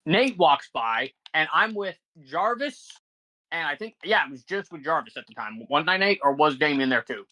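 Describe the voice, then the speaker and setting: A man's voice: fairly high pitch, lively intonation, normal speed, sharp tone. A man in his twenties, a podcast co-host, telling a story in casual chat with a rambling, profane manner.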